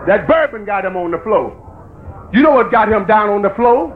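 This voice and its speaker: A man preaching a fiery sermon that rises into shouting. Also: sits high, animated, moderate pace. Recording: tinny lo-fi recording with faint hiss.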